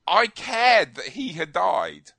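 Male radio co-host, opinionated rambler, bright tone, dry close sound. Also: high-pitched, huge pitch swings, slow pace, gravelly, dry recording. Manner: opinionated, rambling with fillers and restarts. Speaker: film review co-host. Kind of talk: casual radio chat.

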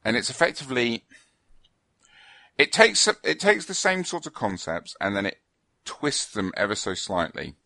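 A man's voice: mid-range voice, sing-song, moderate pace, gravelly, pushed and bright, no room sound. A man co-hosting a podcast in casual chat, explaining things in a rambling, hesitant way with fillers and restarts. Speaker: podcast co-host. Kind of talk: casual chat about tabletop wargames.

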